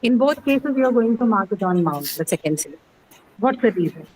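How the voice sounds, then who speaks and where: A woman's voice: fairly high pitch, lively intonation, brisk, a little mellow, breathy edge, low-quality recording. A woman teaching pronunciation in an online class, patient and step by step, repeating words and asking "okay?". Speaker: English teacher.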